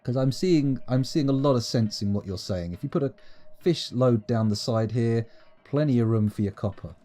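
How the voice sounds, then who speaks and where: A man's voice: medium pitch, normal speed, mellow. A man giving playful, rambling, self-mocking commentary while streaming a game live.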